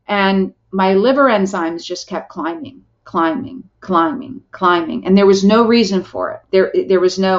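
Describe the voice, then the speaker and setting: A woman's voice: mid-range voice, lo-fi sound. A middle-aged woman telling a personal story as a podcast guest, earnest and heartfelt, often restarting her sentences.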